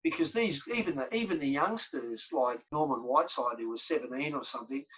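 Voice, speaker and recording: A man's voice: mid-range voice, lively intonation, a little fast, fairly bright tone, slightly rough. A middle-aged Australian man, a former footballer, telling long stories as a podcast guest, with many fillers and repeated words. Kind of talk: podcast interview storytelling. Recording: dull lo-fi audio.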